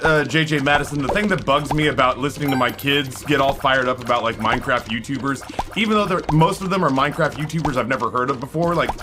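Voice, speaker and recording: A man's voice: mid-range voice, quick pace, hardly any pauses. A man in his forties chatting live with his stream viewers, rambling, swearing and greeting people in chat by name. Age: 40s.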